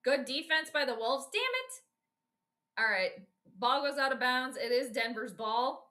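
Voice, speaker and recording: A woman's voice: sits high, animated, measured pace, bright, forceful tone. A woman from Minnesota hosting casual live sports commentary, reacting bluntly and with exasperation to each play and talking directly to her viewers. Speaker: host giving live game commentary.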